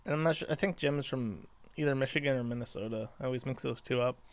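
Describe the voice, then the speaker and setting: A man's voice: mid-range voice, quick pace. A man hosting casual commentary on an archived clip, rambling and hedging with many fillers and some swearing. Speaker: commentary host.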